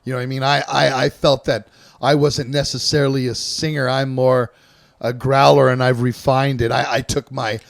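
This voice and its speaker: A man's voice: medium pitch, flat delivery, normal speed, gravelly, dry recording. A man hosting a casual interview, speaking in an offhand way. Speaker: host.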